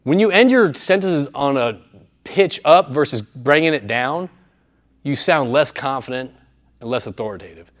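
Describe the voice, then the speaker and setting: A man's voice: medium pitch, expressive, normal speed. A man giving a live presentation to students in a room, speaking conversationally and often checking in with his audience. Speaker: workshop speaker.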